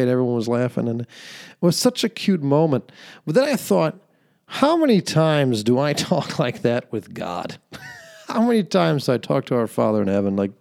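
A man's voice: medium pitch, sing-song, moderate pace, gravelly, a little mellow. A young man hosting a podcast, telling an earnest faith-based story with fillers and laughter. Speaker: podcast host. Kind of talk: faith-based reflective monologue.

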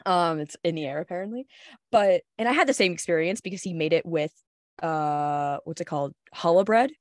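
A woman hosts a coaching podcast in a loose, candid chat, tossing in laughs and curse words without hesitation. Her voice sits a little low. The recording is dry, with no room sound. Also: animated, brisk, no room sound. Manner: frank, laughing, swears freely. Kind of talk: casual podcast conversation.

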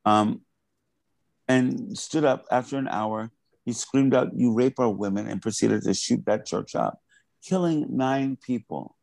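A man's voice: medium pitch, gravelly, darkish tone, dry recording, poor audio. A male artist in an interview, speaking earnestly and with passion, often restarting and repeating words. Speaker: artist guest. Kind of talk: interview conversation.

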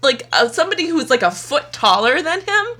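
A woman's voice: high-pitched, big pitch swings, fairly quick, bright, forceful tone. A young woman co-hosting a podcast, telling a story animatedly in casual chat and swearing a lot. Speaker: podcast co-host.

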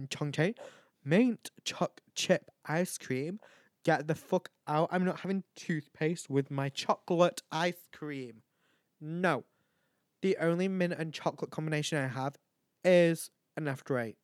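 A man's voice: on the high side, no room sound, studio quality. A tired, tipsy man rambling and swearing as he hosts his own chat show. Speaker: podcast host. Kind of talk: casual solo chat.

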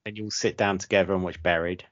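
A man's voice: low voice, steady tone, fast, fairly bright tone. A man chatting casually on a podcast, dry and blunt with firm opinions. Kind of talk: casual chat. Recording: dull lo-fi sound.

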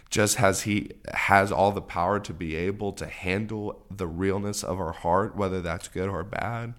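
Earnest low-voiced man, podcast co-host. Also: creaky. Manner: earnest, repetitive encouraging phrasing. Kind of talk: faith-based podcast talk.

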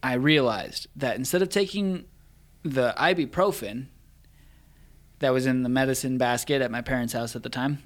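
Young male guest, casual storyteller, animated, laughs easily, mid-pitched. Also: normal speed. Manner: animated, laughs through the telling.

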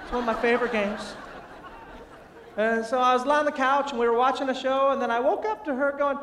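A man giving a humorous motivational sermon, telling a family story with animated, self-deprecating delivery. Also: very high-pitched, fairly quick, some chatter behind. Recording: echoey, distant mic in a large room.

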